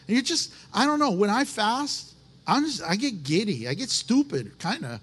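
A man preaching a sermon as pastor, folksy and animated, slipping into little acted asides. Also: high voice, moderate pace, breathy edge.

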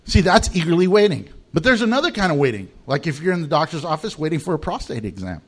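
A male American pastor delivers a sermon in a bright, fairly high voice that swoops up and down. He tells funny stories with lots of animation and often laughs at his own jokes before moving to scripture. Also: big pitch swings, fast talker, slightly rough. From United States. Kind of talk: humorous sermon.

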